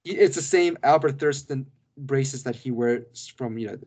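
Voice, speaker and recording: A man's voice: medium pitch, unhurried, darkish tone. A man co-hosting a podcast, chatting casually about a film with many restarts and asides. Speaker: podcast co-host. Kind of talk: casual film review chat.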